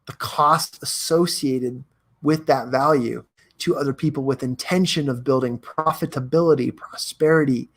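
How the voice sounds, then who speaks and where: A young man hosting a live stream, talking in an energetic, chatty way, reading viewer comments aloud and giving motivational advice. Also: fairly high pitch, husky. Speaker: host.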